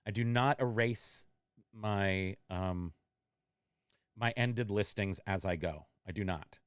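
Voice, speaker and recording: A man's voice: fairly low pitch, takes it slowly, clear, resonant tone, no room sound, studio quality. A middle-aged man hosting a casual livestream, rambling and interrupting himself as he reads chat comments aloud. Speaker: online reseller and livestream host.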